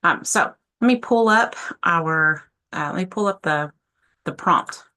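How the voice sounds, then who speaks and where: Her voice is lowish, bright and forceful, and she speaks unhurriedly. She's a composition instructor running a casual screen-share tutorial from her home office, chatty and informal, often fixing her wording mid-sentence.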